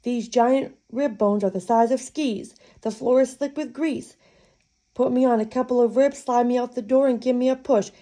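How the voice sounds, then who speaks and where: A woman's voice: a little high, steady tone, moderate pace, dark tone, voice pushed up, close to an everyday voice. Lonesome talking jukebox, female, sassy and blue, voiced by a woman storyteller, talks in country-song lines; storybook reading. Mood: bossy. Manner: twangy country-song sayings.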